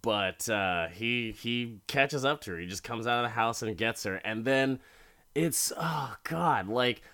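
A man's voice: mid-range voice, unhurried. A young man casually recapping a horror episode, swearing freely and laughing as he retells it. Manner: profane, animated, laughs while retelling.

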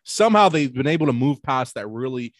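A man's voice: medium pitch, lively intonation, a little fast, no room sound, studio quality. A young man co-hosting a podcast in casual chat, rambling in a laid-back way and swearing. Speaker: podcast co-host.

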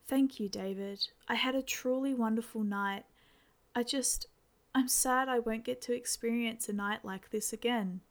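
Woman narrator voicing a wistful teenage girl, soft, halting delivery, slightly gravelly. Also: a little high, fairly even intonation. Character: sad, quiet teenage girl with a secret.

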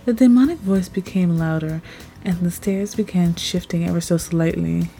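Lady narrating her fanfic, kinda low and warm, soft music under it. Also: normal speed, creaky. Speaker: story narrator. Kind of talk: first-person fan-fiction reading. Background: faint background music.

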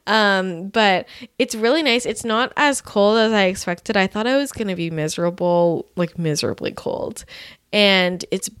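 A woman's voice: mid-range voice, moderate pace, fairly bright tone, clean tone, dry recording, studio quality. A young American woman from California, a podcast host, chatting in a bubbly, casual way with plenty of fillers. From California, USA. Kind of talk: casual chat.

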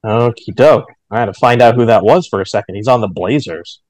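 A man co-hosting a casual podcast chat, running a mock draft with quick jokes. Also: no echo. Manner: quick, joking, lively pitch swings.

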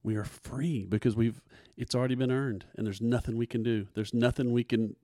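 A man's voice: mid-range voice, steady tone, fairly quick, mellow, dry recording, clean studio sound. A man hosting a faith podcast, talking earnestly and preachily, often repeating his words as he builds a point. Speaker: podcast host. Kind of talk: casual faith podcast talk.

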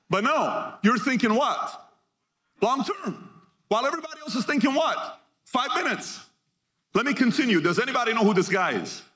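A man giving a motivational keynote to a live audience, energetic and punchy, reading figures out in short bursts and firing questions at the crowd. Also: high-pitched. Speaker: keynote speaker.

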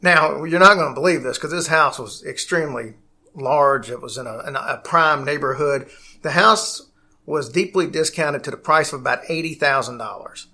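A man's voice: a little high, normal speed, sharp tone. A man hosting a casual podcast, rambling along and often restarting his sentences. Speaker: podcast host.

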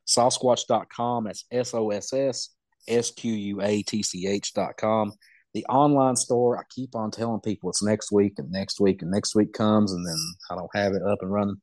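Low, dry-voiced man. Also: a little mellow, dry recording. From Southeast Kentucky. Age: middle-aged. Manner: folksy, rambling, self-amused. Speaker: podcast guest. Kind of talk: casual storytelling.

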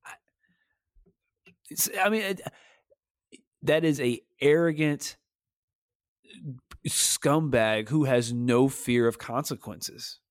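A man co-hosting a podcast, speaking in a heated, animated and slangy way in casual chat. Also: medium pitch, slow pace, long pauses, no echo, clean studio sound. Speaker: podcast co-host.

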